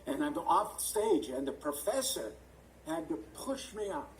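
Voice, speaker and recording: Over a video call, an older stage and screen actor rambles through stories as an interview guest, often hunting for words. His voice is a little high, very animated and unhurried, but he's far from the mic and the rough recording has some hiss or hum.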